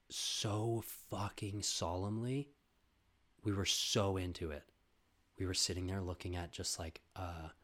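A young man hosting a podcast, telling a long casual story with plenty of swearing. He jumps from loud outbursts to quiet, muttered asides. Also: low-pitched. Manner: profane, animated storytelling with sudden loud bursts and quiet asides. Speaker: podcast host.

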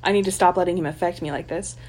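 A woman's voice: fairly low pitch, steady tone, quick pace, a little mellow, slight background noise. A woman co-hosting a podcast, reading a trashy novel aloud with sarcastic, giggly asides. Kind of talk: mocking dramatic reading with commentary.

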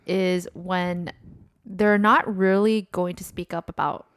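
A woman's voice: on the low side, steady tone, slow pace, no room sound. Casual young woman podcast co-host. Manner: explains at length with many fillers. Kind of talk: casual chat.

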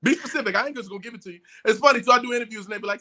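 A middle-aged man, a podcast guest, telling profane stories in an animated way and acting out the voices of the people in them. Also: very high voice, rapid-fire. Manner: excitable and profane, acts out voices in his stories. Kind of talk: animated storytelling in casual chat.

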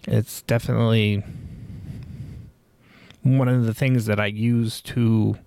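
Slow, gravelly-voiced man reflecting. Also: lowish voice, level tone, a little mellow, dry recording. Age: 40s. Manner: rambling, reflective, many fillers and restarts. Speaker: podcast host. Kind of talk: personal reflective monologue.

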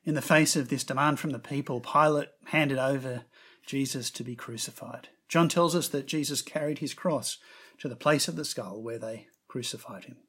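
Male preacher, sermon delivery, breathy tone, expressive narration. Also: medium pitch. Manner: expressive storytelling, raising his voice for quoted words.

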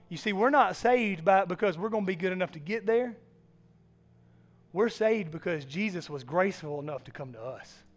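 A man preaching a sermon who tells stories in an animated way and builds to loud emphasis. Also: high-pitched. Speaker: pastor.

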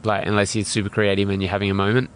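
A man's voice: lowish voice, completely flat delivery, rapid-fire, a little hiss or hum. A young man speaking candidly as an interview guest, rambling and full of fillers. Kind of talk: casual interview talk.

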